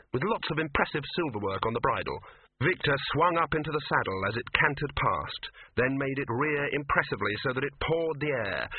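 A man reads a comic fantasy novel aloud in a wry, varied storytelling manner. His voice is husky and of middling pitch. The recording is dry and narrow-band, thin like a phone line. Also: no room sound. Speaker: audiobook narrator. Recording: tinny narrow-band audio.

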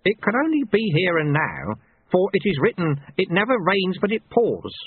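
A man's voice: high-pitched, very animated, moderate pace, slightly rough, voice pushed up, heavily acted. A man voicing a wry old male sweeper monk who talks in a mild, knowing way and quotes sayings. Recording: tinny phone-like audio.

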